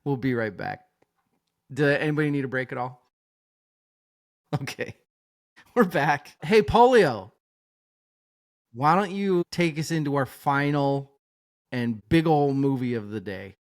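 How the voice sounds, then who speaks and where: Podcast host, lively, jokey, quick to laugh. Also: mid-range voice. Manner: animated, jokey, laughs often. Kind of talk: casual chat.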